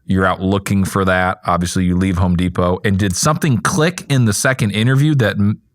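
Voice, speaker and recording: A man's voice: sits low, steady tone, a little fast, no echo, studio quality. A man hosting a podcast, chatting casually, often jumping in with short affirmations and clarifying questions. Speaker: podcast host. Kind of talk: casual interview chat. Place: podcast studio.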